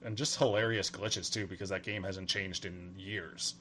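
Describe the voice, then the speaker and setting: A man in his thirties from Atlantic Canada, co-hosting a gaming podcast in animated casual chat. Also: sits low. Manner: animated, quick, laughs often. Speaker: podcast co-host.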